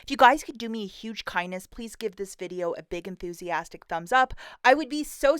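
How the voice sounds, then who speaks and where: Bubbly woman with a smooth voice. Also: mid-range voice, a bit bright, no room sound, studio quality. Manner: bubbly, chatty, upbeat. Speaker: couponing channel host. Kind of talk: deal rundown vlog.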